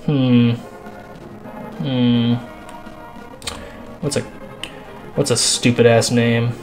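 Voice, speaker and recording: A man's voice: mid-range voice, level tone, extremely slow, a little mellow. A man doing let's play commentary on a video game, out of breath, swearing constantly and sighing between lines. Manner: profane, crass, sighing often. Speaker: gaming channel host. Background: game music.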